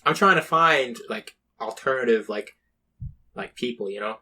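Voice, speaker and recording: Young guy rambling thru a story, swears a ton, acts out what ppl said, average pitch. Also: animated, moderate pace, pushed and bright, breathy edge. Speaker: podcast co-host. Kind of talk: casual chat.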